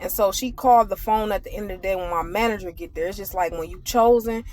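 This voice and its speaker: A woman vlogger telling a casual, animated story to her viewers and turning it into a spiritual message. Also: mid-range voice, fast. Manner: animated, conversational, addresses viewers directly.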